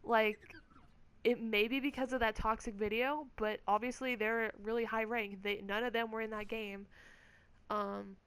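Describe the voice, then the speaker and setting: A woman's voice: a little high, little pitch movement, moderate pace, fairly bright tone, clear, resonant tone. A woman gamer vlogger telling a story in a casual, rambling rant, swearing often and filling her speech with "like". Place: at home.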